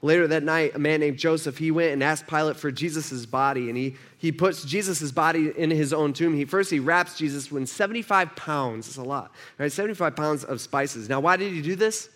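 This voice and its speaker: In a church sermon, this male pastor speaks a little fast at a fairly high pitch, with a fairly bright tone and few pauses. He chats with the congregation, asks them questions, and voices the quotes of the characters in his story.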